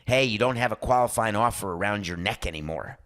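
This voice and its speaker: A man's voice: on the low side, a little fast. A man hosting a sports talk podcast, giving opinionated monologues and acting out quoted voices. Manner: animated, acts out quoted voices. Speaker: podcast host.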